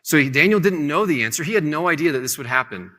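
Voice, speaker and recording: A man with a bright, forceful voice teaches a casual Bible lesson. He talks in a relaxed, conversational way and loosely paraphrases scripture with light humor. A long hall reverb trails behind his words. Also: a little high, fast talker.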